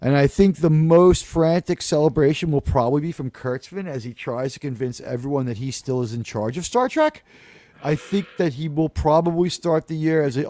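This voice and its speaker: A man's voice: on the high side, mellow, no echo. A man hosting a casual podcast panel, talking in a rambling, sarcastic way with mocking asides. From United States.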